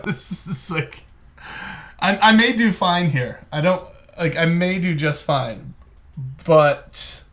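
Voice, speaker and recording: A man giving live commentary on a geography guessing game, thinking aloud in a rambling, self-mocking way. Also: on the high side. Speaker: game streamer.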